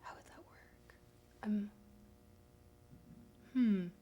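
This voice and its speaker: A woman's voice: mid-range voice, drawn-out words, warm tone, dull audio, slight background noise. A woman hosting a casual livestream, chatting to her viewers in a rambling way, with plenty of fillers as she thinks aloud. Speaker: livestream host.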